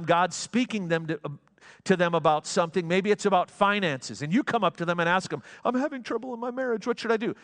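A man's voice: high voice, fairly bright tone. A middle-aged man preaching a sermon in a church, telling stories in a conversational way with frequent restarts. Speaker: pastor. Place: church sanctuary. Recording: long hall reverb.

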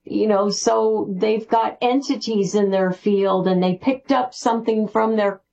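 Slow-speaking woman guest on a dull line. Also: mid-range voice, vocal fry. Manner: excited, rambling with restarts. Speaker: spiritual author guest. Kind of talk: interview answers.

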